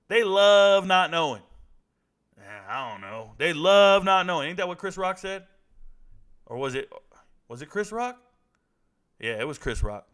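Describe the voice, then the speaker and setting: A man's voice: on the high side, a bit bright. A man hosting casual sports commentary, blunt and joking as he talks through players. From Southern California. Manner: blunt, joking, trash-talking.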